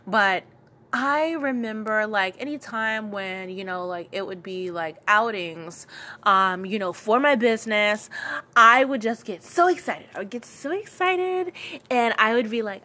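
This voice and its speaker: Young woman, light Lowcountry Geechee accent, casual storytelling, chatty, filler-heavy, repetitive. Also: a little slow, bright, forceful tone. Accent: light Gullah Geechee, Lowcountry South Carolina. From Charleston, South Carolina. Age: young adult. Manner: chatty, many fillers, repeats lines for emphasis. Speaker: business owner telling her story.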